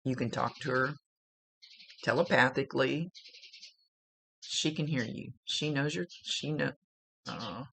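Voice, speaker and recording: Creaky-voiced woman giving a psychic reading. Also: extremely low pitch, slow pace, pauses often, a bit bright, no echo. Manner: rambling, searching for words. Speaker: psychic medium. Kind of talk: spiritual reading, casual monologue.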